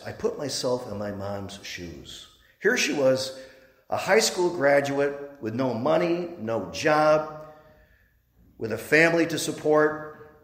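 A man, a priest, giving a sermon, telling a story with halting restarts. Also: fairly high pitch. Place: church. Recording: echoey church with long reverb.

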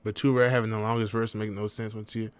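A man's voice: fairly low pitch, flat delivery, quick pace, clean tone, dry recording. A young man casually reacting to a rap video and ranking the verses, talking straight to his viewers in loose slang. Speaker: music reaction vlogger.

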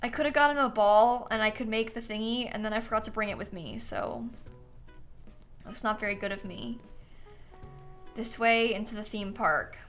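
With soft music in the background, a young woman with a slightly high, bit bright voice talks at a moderate pace, leaving long pauses. She's casually chatting on a game livestream, thinking aloud. Sleepiness shows as she yawns and thanks her viewers.

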